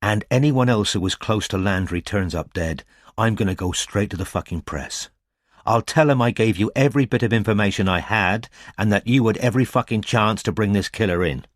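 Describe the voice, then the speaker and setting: A man voicing a gruff, injured male private detective who talks bluntly and curses. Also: fairly low pitch, fairly quick, dry recording, studio quality, lightly acted. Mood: angry. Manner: blunt, swearing, curt.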